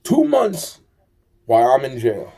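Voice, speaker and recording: A man's voice: mid-range voice, huge pitch swings, a little slow, gravelly, mellow. A man telling a rambling, aggrieved personal story in a monologue, swearing often and repeating himself. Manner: profane, repetitive, aggrieved storytelling.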